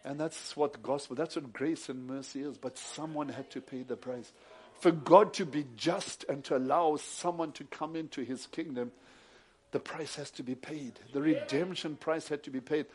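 A man delivering a sermon, his voice sitting slightly high. He drops to a quiet, close telling of a story, then rises into loud, forceful preaching. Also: moderate pace. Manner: shifts from hushed storytelling to loud emphatic preaching.

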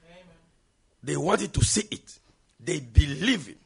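A man from South Africa preaching a sermon, asking the congregation questions and building up to shouts. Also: medium pitch, very animated, moderate pace, gravelly, husky.

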